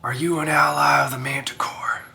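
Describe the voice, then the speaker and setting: A man's voice: fairly high pitch, flat delivery, moderate pace, vocal fry, pushed and bright, slight background noise, voice pushed up, full character voice. A man voicing a wary male wolfkin adventurer with a country western drawl.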